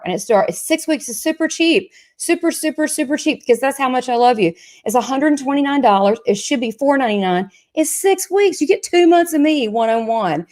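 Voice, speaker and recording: A medium who hosts a live chat show speaks with a Southern US accent, chatty and excitable. She jokes about herself and talks fast through asides, including sales pitches.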